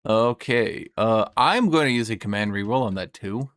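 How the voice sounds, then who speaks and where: A man's voice: on the low side, expressive, moderate pace, a bit bright, no echo. Man muttering through a wargame turn. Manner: thinking aloud, swearing, self-mocking. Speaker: tabletop wargame player. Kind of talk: casual play commentary.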